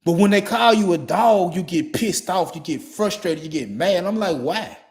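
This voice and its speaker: A man's voice: sits high, moderate pace. Blunt, profane man in his forties. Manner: blunt, repetitive, emphatic and heavy with profanity. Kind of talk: profane motivational monologue.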